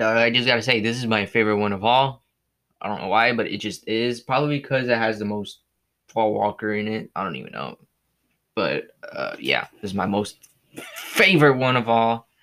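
A man's voice: fairly low pitch, bright, forceful tone. A man hosting his own movie review show, chatting casually, rambling, losing his train of thought and cursing often.

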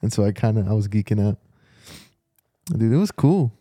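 A man's voice: on the low side, animated, fairly quick, warm tone, no room sound, studio quality. A young man co-hosting a podcast, telling a rambling story with lots of restarts in casual chat. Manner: rambling, laid-back, trailing restarts. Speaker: podcast co-host.

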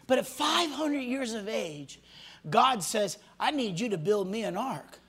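A male pastor preaching a sermon to a congregation, swinging from loud shouts to hushed near-whispers and acting out the voices of people he quotes. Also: sits high, big pitch swings, a little slow, breathy edge. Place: church hall before a congregation.

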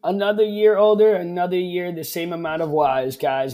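A man's voice: sits high, fairly even intonation, normal speed, few pauses, dark tone. A man co-hosting a casual live-streamed podcast, teasing and joking in loose slang. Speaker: podcast co-host. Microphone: streaming from home on camera.

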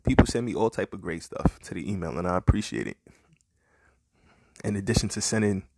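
Husky guy ranting on his commentary show, cussing, throwing mocking questions at listeners, dry close mic. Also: low voice, lively intonation, fairly quick, darkish tone, no echo. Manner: profane, heated, mocking rhetorical questions. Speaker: commentary podcaster. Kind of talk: rambling opinion commentary.

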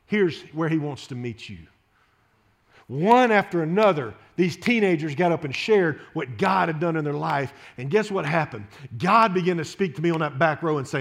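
A man's voice: on the high side, animated, moderate pace, gravelly. A man, preaching an impassioned, pleading sermon full of repeated phrases and restarts. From Louisiana, USA. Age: 30s. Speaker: pastor.

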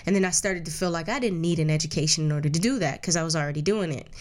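A woman in her thirties with a slightly low voice, speaking as an interview guest. She tells her story candidly and earnestly in a casual way, and she often stops and restarts her sentences. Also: racing. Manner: acts out others' words in a raised voice.

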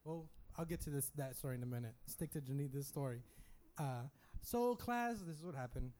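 A young man from West Texas co-hosting a casual podcast chat, telling animated stories and mimicking other people's voices. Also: mid-range voice, fast, slight background noise. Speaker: podcast co-host.

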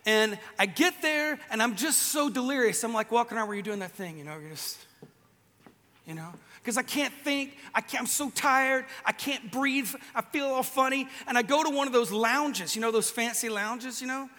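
Male preacher, very high and bright, loose joking delivery, reverberant venue. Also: moderate pace. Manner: casual, joking storyteller with restarts. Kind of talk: sermon. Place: large event venue with a band.

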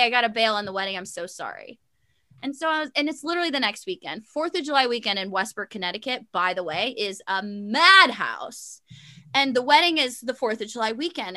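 Young woman, high pitched, bright, sassy storyteller, casual chat, dry sound. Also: no room sound. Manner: animated, sassy, lots of fillers and quoted voices. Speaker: guest telling a story.

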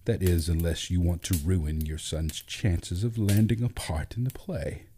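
A man's voice: low voice, unhurried, dark tone, a little hiss or hum. A man voicing a pompous, condescending male play director who speaks coldly. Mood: snide. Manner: condescending, cold.

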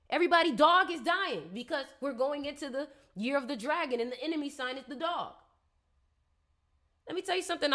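A woman on a casual live stream, reading viewers' astrology in a chatty, playful, slangy way and teasing her audience. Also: sits high.

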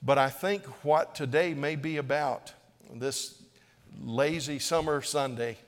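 Pleading pastor in a reverberant church. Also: male voice, fairly high pitch, fairly even intonation, slow. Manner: earnest, pleading, repeats phrases. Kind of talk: sermon. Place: church sanctuary. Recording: long hall reverb.

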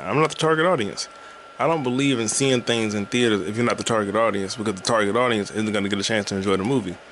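A man's voice: fairly low pitch, a bit bright, a little hiss or hum. A man hosting a casual solo podcast from home, rambling loosely and swearing, with frequent laughs. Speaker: podcast host. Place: at home with a loud game console nearby.

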